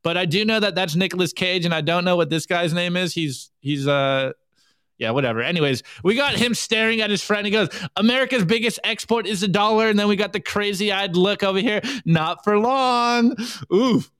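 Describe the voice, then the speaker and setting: A man hosting a casual livestream, reading memes aloud and tossing in quick asides. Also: high-pitched, a bit bright, clear, resonant tone, dry recording. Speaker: show host.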